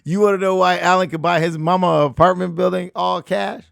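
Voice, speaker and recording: A man hosting a money talk show as a real estate coach, talking emphatically, repeating phrases and swinging between loud outbursts and hushed asides. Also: high-pitched, steady tone, fairly quick, vocal fry, smooth, no room sound, clean studio sound. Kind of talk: animated motivational talk.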